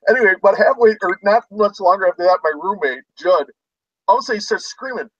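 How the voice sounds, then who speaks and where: A man hosting a casual chat among resellers, telling an animated story and acting out people's shouts. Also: sits high, fast, husky, no room sound, far from the mic, dull audio. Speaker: host.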